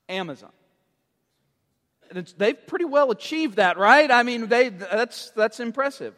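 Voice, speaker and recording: A man's voice: very high voice, animated, measured pace, fairly bright tone, in a large hall. A man preaching a sermon as a pastor, quizzing and teasing his congregation with playful jokes.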